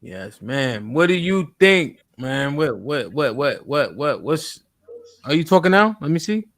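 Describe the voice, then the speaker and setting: A man hosting a livestream talk show, reading donor messages aloud quickly and asking guests direct questions. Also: a little high, big pitch swings, fairly bright tone, no room sound. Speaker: livestream host. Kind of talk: casual chat, reading super chats aloud. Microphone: studio microphone.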